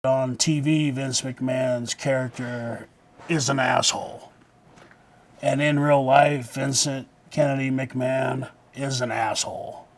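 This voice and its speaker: A man being interviewed for a documentary, speaking bluntly and in a measured way. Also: mid-range voice, steady tone.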